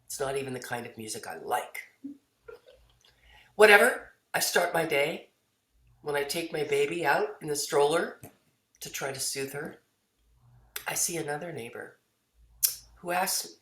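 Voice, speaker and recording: Low-voiced woman minister telling a parable. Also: a little slow, pauses often. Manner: storytelling, gently animated, quotes voices. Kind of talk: parable-style spoken teaching. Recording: echoey room.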